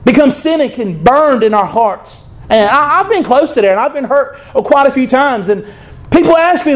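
A man's voice: extremely high pitch, lively intonation, normal speed. A male pastor preaching a sermon in an emphatic, conversational way, with frequent asides and call-outs to his congregation.

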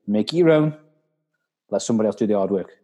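A man's voice: lowish voice, lively intonation, fast talker, dark tone. A man hosting a podcast, talking bluntly with some swearing and acting out what other people say. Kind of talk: casual chat.

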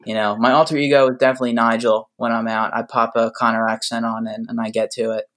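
Chill guy guesting on a podcast, middle pitch, jokey, lots of dude and man. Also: flat delivery, fast talker, fairly bright tone. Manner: laid-back, says dude and man a lot, joking. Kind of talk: casual podcast chat.

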